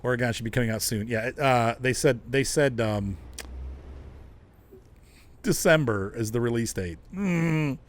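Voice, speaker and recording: A man's voice: medium pitch, measured pace, pauses often. A middle-aged man hosting a casual gaming livestream, chatting and chuckling as he talks to his viewers. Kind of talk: casual livestream chat while playing.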